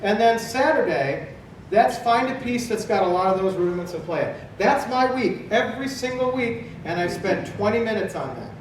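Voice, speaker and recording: A man in his fifties leads a drum clinic in a big convention hall, firing questions at the crowd and answering them himself. His voice sits high for a man and reaches the mic from a distance, with heavy echo and clear background noise. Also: lively intonation, normal speed. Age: 50s. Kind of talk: live drum clinic talk.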